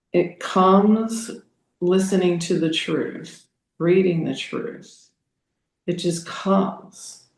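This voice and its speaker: An older woman on a video call, sharing her spiritual reflections slowly, searching for words and restarting her sentences. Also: lowish voice, creaky, darkish tone. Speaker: group participant. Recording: roomy echo.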